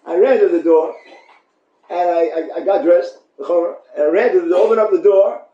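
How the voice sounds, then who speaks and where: A man's voice: on the high side, moderate pace, mellow, close to an everyday voice. A man voicing a lovesick young woman who turns from dismissive to longing, in an echoey room with dull sound. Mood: excited. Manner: dismissive then breathless and pleading.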